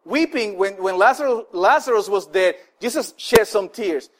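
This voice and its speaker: High-voiced animated male preacher. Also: normal speed. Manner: conversational preaching with frequent fillers and restarts; animated, acts out the people he quotes. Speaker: pastor. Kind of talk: sermon.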